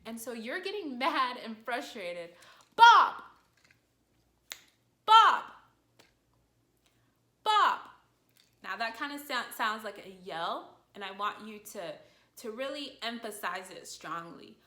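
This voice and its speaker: A woman teaching an online language lesson in a patient, encouraging way, explaining each point clearly. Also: a little high, animated, normal speed, sharp tone. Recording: echoey room.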